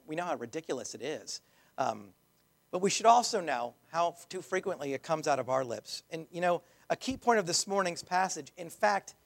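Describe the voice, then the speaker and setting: A man's voice: fairly high pitch, gravelly. A man in the role of pastor, preaching a conversational sermon with frequent restarts and asides.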